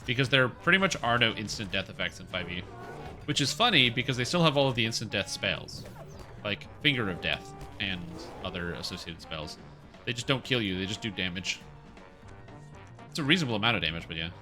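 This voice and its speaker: Bright-voiced chatty male streamer. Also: fairly low pitch, very animated, fairly quick, faint music behind. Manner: chatty, jokey, explains as he plays. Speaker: game streamer. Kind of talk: casual gameplay commentary.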